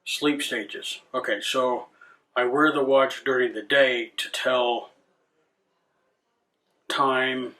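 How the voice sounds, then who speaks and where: A man's voice: mid-range voice, bright, forceful tone. A man hosting a rant video, swearing a lot, irritated and sarcastic, with frequent restarts. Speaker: channel host. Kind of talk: ranting commentary.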